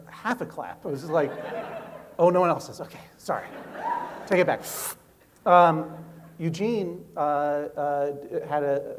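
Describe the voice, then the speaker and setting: A man's voice: a little high, slight background noise. A man who is a guest author on stage, talking in a rambling, self-mocking way with lots of restarts. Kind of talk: live stage conversation. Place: stage before a live audience.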